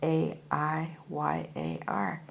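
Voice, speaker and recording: A woman's voice: sits low, lively intonation, extremely slow, vocal fry, a little hiss or hum, exaggerated voice. A woman voicing a proud, hefty male yogi and former soldier who speaks formally and politely, calling his listener sir. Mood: earnest.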